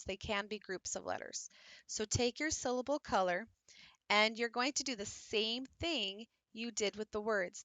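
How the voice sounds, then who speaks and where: Female teacher, crisp bright tone, dry close-mic sound, patient hands-on tutorial delivery. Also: on the high side, no echo. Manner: patient step-by-step explaining, demonstrating while working. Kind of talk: instructional craft tutorial.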